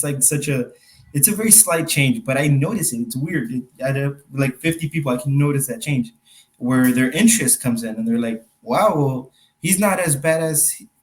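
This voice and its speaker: Young male magician guest, slightly high voice, chatty storyteller who laughs a lot and voices the people in his stories. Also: low-quality recording. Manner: rambling storyteller, laughs often, acts out quotes. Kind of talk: casual podcast interview.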